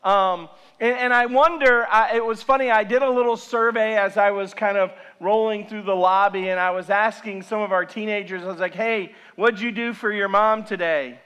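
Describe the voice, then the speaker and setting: A man's voice: sits high, steady tone, brisk, few pauses, a bit bright, clear, resonant tone. A middle-aged male pastor giving a sermon, telling stories in a chatty way with acted asides. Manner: conversational storytelling with acted asides.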